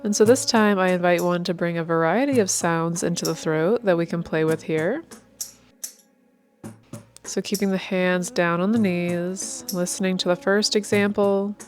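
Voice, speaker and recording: A woman leading a guided meditation, giving calm, unhurried, inviting instructions over soft instrumental music. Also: fairly low pitch.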